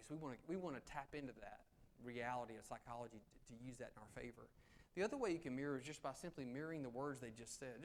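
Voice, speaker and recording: A man presents to a meeting room of professionals. His pitch sits right in the middle for a man. He talks in a lively, conversational way, slipping into quick acted-out lines. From Southern United States. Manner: animated, conversational, acts out quotes. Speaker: attorney giving a negotiation talk. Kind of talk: conference presentation.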